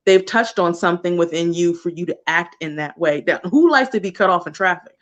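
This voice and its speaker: A woman's voice: fairly low pitch, fairly quick, lo-fi sound. A woman tarot card reader talking casually on a livestream, chatty and loose, laughing often and dropping slang and swear words.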